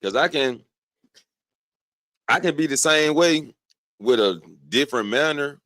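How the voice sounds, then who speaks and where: A man's voice: a little high, animated, unhurried, sharp tone, no room sound. A man in a casual chat who talks bluntly and aggressively, full of slang.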